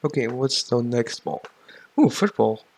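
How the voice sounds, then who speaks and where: Slow, playful man commenting on a game. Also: mid-range voice, lively intonation, creaky, a little mellow, slight background noise. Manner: playful, joking, prone to sudden exclamations. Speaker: gaming YouTuber. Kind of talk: casual gameplay commentary.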